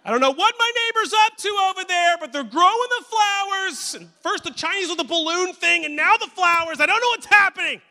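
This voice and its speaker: A man's voice: extremely high pitch, expressive, fairly quick, few pauses, sharp tone, voice pushed up, heavily acted. A man voicing a jittery, paranoid suburban neighbor who rambles suspiciously. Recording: echoey church hall.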